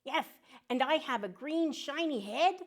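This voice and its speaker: A woman's voice: high voice, expressive, unhurried. A woman voicing a joke-loving male mallard duck who tells puns and quacks between lines in a children's show. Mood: jokey. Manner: punny, bursts into quacking.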